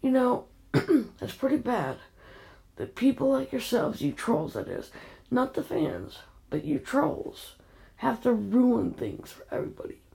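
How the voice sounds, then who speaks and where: A woman's voice: on the high side, huge pitch swings, a little slow, gravelly. An older woman, a grandmother, angrily scolding online trolls in a direct-to-camera vlog rant. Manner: angry, scolding, emotional. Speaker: grandmother vlogger. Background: quiet house at night.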